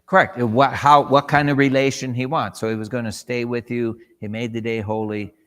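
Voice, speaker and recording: A man's voice: mid-range voice, flat delivery, moderate pace, a bit bright. A man teaching a church Bible class, conversational, asking the class questions and acting out short quotes. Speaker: Sabbath school teacher. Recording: long hall reverb.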